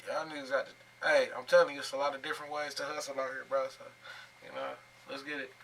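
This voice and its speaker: A man's voice: medium pitch, level tone, fast talker, gravelly, bright, forceful tone, recorded from a distance, slight background noise. A man hosting a reaction video, talking casually in slang and often asking "you feel me". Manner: laid-back slangy talk, frequent "you feel me". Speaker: reaction channel host.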